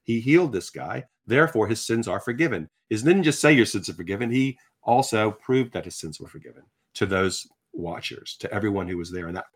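A man in his sixties telling his conversion story in conversation, animated, acting out quotes as he talks. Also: lowish voice, brisk, hardly any pauses. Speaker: guest sharing his testimony. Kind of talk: conversational faith testimony.

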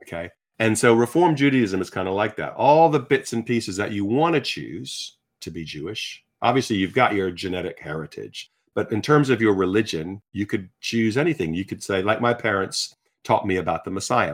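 A man, from Virginia, telling personal stories as a guest in an animated, chatty, self-deprecating way, with many restarts. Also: fairly low pitch, normal speed, hardly any pauses. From Virginia, United States. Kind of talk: personal storytelling in conversation.

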